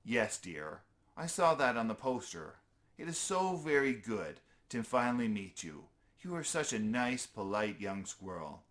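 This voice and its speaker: A man voicing a sweet, very old grandmotherly female squirrel who speaks gently and kindly, calling everyone dear. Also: fairly low pitch, big pitch swings, unhurried.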